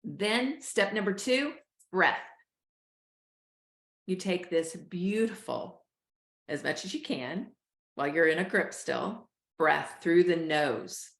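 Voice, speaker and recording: A woman coaches listeners through a breathing exercise at a calm, steady pace. Her voice sits a little low. The recording has a roomy echo. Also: takes it slowly, vocal fry, long pauses. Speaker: host, life coach. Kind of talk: guided breathing instruction.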